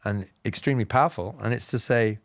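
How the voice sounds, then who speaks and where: A man from England with a southern, BBC-style received pronunciation accent, telling personal stories as a podcast guest in a measured, explanatory way with self-deprecating humour. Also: fairly low pitch, dry recording. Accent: Southern English, BBC-style received pronunciation. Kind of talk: reflective personal storytelling.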